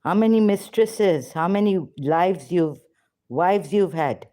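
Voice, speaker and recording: A woman's voice: fairly low pitch, lively intonation, slow pace, dark tone. A woman arguing heatedly on a call, confrontational and accusatory. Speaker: ex-Muslim debater on a call. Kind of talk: heated argument.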